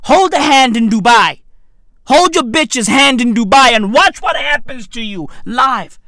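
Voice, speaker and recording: A man in a rambling, profane rant who keeps asking "right?" and swings between loud outbursts and low mutters. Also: lively intonation, unhurried, dry recording, studio quality.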